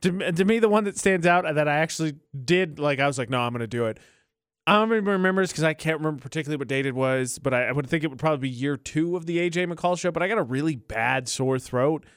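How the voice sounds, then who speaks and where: A man co-hosting a radio show, chatting in a jokey, animated way into a studio microphone. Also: fairly high pitch, fast talker, clean tone, dry recording. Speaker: radio co-host. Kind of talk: casual radio chat.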